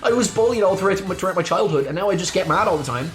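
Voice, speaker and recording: A young woman streaming a voice-acted game playthrough, joking and swearing in animated commentary. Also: lowish voice, fast. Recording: echoey room, faint music behind.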